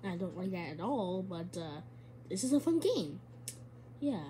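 A woman's voice: fairly low pitch, sing-song, moderate pace, warm tone, a little hiss or hum. A woman giving casual, chatty let's-play commentary, giggling and talking back to a game character. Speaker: gamer.

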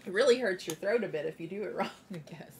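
A woman's voice: lowish voice, expressive, fast talker, a little mellow, slight background noise. A woman hosting a casual gaming vlog with her daughters, chatty and laughing easily. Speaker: gaming vlog host and mother.

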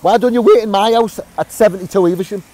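A man in his forties from Middlesbrough with a Teesside accent, calmly coaxing a stranger off a street while filming on his phone. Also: high-pitched, quick pace, dry recording. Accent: Teesside English. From Middlesbrough, England. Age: 40s. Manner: soothing, coaxing, calls others son and mate. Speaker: passerby helping a stranger. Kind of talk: casual filmed street encounter. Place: residential street outdoors at night.

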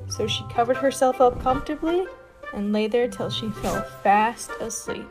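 A woman telling a fairytale as a guest storyteller, reading expressively with lively emphasis. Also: a little high, moderate pace. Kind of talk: storybook narration. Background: background music.

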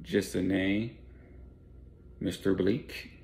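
Guy doing a cold revenge-hungry young dude, low gravelly voice, blunt cussing street talk. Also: fairly even intonation, very slow, darkish tone, heavily acted. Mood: menacing.

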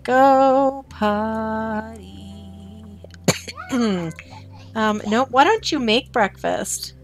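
Woman streamer, chatty gameplay commentary, higher voice, slow easy delivery. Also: animated, faint music behind. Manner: chatty, talks to game characters and chat.

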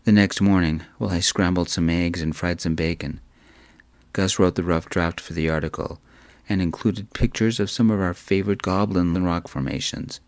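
A man narrates a romance story in a calm, soft-spoken way, keeping his delivery even and gentle. His voice is deep and low, and the recording is dry and close, with no room echo. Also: normal speed.

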